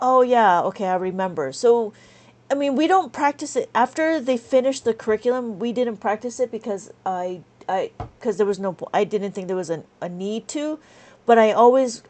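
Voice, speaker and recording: High-voiced woman ranting on a live stream. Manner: rambling, exasperated ranting with many restarts. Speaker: abacus teacher.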